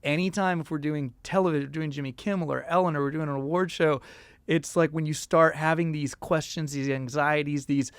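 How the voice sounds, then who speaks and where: A man's voice: fairly high pitch, fairly even intonation, fairly quick, clear, resonant tone, no room sound. A man in his thirties, a musician guest in a casual interview, who tells stories animatedly with many fillers and acted quotes.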